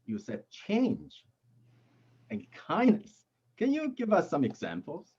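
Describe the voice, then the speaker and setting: Lively man hosting over a video call. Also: fairly high pitch, breathy edge, muffled recording. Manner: jokey, halting with restarts. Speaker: contest toastmaster interviewing contestants. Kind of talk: friendly interview banter.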